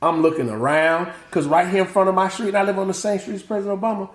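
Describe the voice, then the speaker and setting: A middle-aged man from the American South tells stories in a casual interview, voicing his relatives and laughing along. His voice sits a little high for a man. The room is noticeably echoey. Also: fast talker. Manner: animated, acts out family quotes, laughs often. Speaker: guest, author and motivational speaker. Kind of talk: casual interview chat, storytelling.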